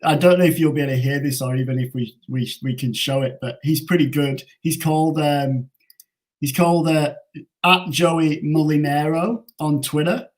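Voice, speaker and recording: A man's voice: fairly high pitch, steady tone, normal speed. An Australian man co-hosting a casual sports chat, rambling and stumbling over names. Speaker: podcast co-host.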